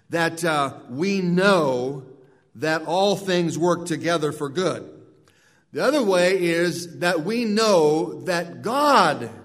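A man delivers a sermon in an earnest preaching voice that sits a little high for a man. He often repeats words and restarts his phrases as he works through a point. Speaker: pastor.

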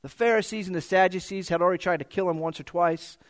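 A man's voice: sits high, fast. A man preaching a sermon to his church in a conversational way, often restarting his sentences and correcting himself.

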